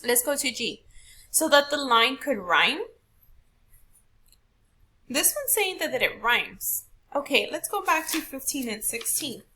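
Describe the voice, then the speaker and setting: Bright-voiced woman teaching a lesson. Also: high voice, big pitch swings, unhurried, pauses often. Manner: patient, explaining step by step with rhetorical questions. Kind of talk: recorded classroom lesson.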